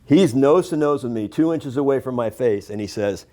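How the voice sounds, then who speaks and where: A man in his sixties tells a story as a talk show guest. He talks with animated energy and acts out the voices and shouts of the people in it. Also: medium pitch, normal speed, few pauses.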